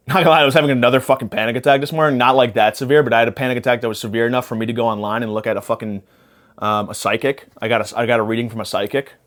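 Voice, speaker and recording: A man's voice: medium pitch, fairly even intonation, rapid-fire, a bit bright. A young man hosting a podcast, rambling through a profane comedic monologue while spacey after a panic attack. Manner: profane, rambling, jumps between topics. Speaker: podcast host.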